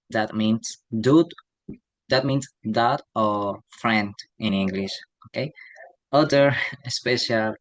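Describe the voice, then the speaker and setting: Slow, halting young man presenting. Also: fairly low pitch, no room sound, poor audio. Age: young adult. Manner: halting, tags sentences with "okay?". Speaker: student presenter. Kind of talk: class presentation.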